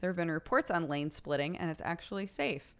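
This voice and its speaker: A young woman talking casually with her stream late at night. Her voice sits a little low but swings widely in pitch. She laughs often and reads messages from chat aloud. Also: expressive, a little fast, creaky, smooth.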